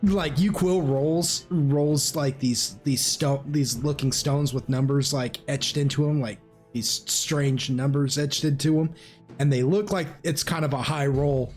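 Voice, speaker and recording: A man as game master narrating a tabletop game in a casual, halting way, often laughing. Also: fairly high pitch, fairly even intonation, a little mellow, faint music behind.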